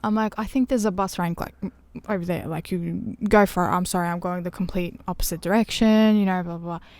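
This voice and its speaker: A woman's voice: fairly low pitch, fairly quick, no echo. A woman, a podcast guest chatting casually and telling a story, acting out what others said. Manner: animated, acts out quotes of others. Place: caravan music studio.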